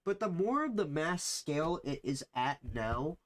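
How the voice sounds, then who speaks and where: A man's voice: a little high, sing-song, unhurried, a bit bright. Rambling young man streamer. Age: young adult. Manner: rambling, slangy, swears a lot, many fillers. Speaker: livestreamer. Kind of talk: casual livestream chat.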